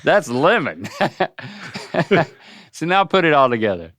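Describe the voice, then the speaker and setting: A man hosts a casual podcast, teasing and coaching in a playful tone. His pitch swings widely, and he takes his time with every phrase. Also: sing-song, slow pace, fairly bright tone. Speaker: podcast host. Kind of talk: casual podcast chat, quizzing.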